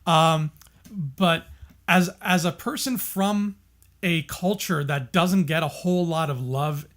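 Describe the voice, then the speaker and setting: A man's voice: on the high side, slow, a bit bright. A man co-hosting a podcast, chatting casually and passionately, often laughing and restarting his sentences. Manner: passionate, emphatic. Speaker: podcast co-host.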